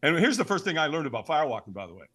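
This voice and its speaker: A man, a podcast guest, telling a personal story in an animated way, acting out the voices he quotes and sometimes shouting them. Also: a little high, very fast, husky.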